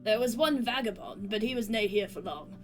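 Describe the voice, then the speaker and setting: A woman voicing a burly, gruff older male innkeeper, speaking curtly in a game read-aloud. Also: mid-range voice, a little fast, faint music behind, lightly acted, poor audio. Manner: curt, dismissive.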